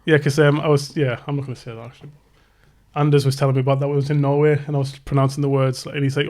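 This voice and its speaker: A man's voice: mid-range voice, flat delivery, rapid-fire, darkish tone. A man, co-hosting a podcast in crude, joking casual chat. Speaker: podcast co-host.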